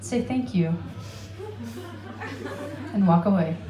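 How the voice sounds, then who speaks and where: Lower-pitched and taking it slowly, this woman's voice echoes amid heavy background noise. An American-accented comic from Alaska, she's on a comedy club stage in Amsterdam doing a brash, profane, self-mocking set with laughing asides.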